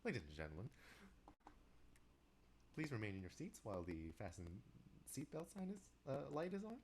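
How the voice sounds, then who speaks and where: A man's voice: medium pitch, sing-song, moderate pace, darkish tone, a little hiss or hum, pitched above the performer's own voice. A man putting on a sing-song flight attendant. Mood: courteous. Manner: sing-song airline announcer intonation. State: stuffy nose from allergies. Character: polite male flight attendant making cabin announcements.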